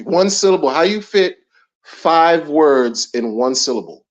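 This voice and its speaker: This middle-aged man hosts a commentary channel and rants casually, emphatic and slangy, repeating his points. His voice is high and his pace moderate. The recording is dull and lo-fi.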